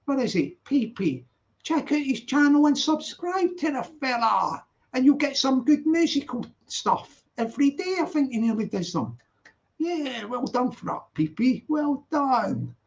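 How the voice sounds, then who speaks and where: This livestream host, a Glasgow man in his sixties with a London-flavored Glaswegian accent, chats casually with viewers, rambling and saying "yeah" often. His gravelly voice is extremely high, swings widely in pitch, and moves a little slowly, all through dull lo-fi audio.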